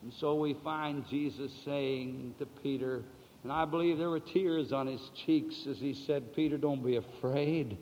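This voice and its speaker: Dramatic preacher in a reverberant hall. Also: male voice, medium pitch, steady tone, unhurried, slight background noise. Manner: dramatic swings between soft and loud, stretching key words; asks the listeners questions and answers them. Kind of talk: sermon. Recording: dull, lo-fi sound with long hall reverb.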